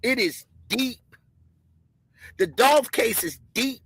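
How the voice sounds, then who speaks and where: A middle-aged woman giving a loud, excitable, repetitive conspiracy commentary. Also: on the high side, slow, husky, dry recording, rough recording. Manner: emphatic, preachy. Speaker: commentary streamer.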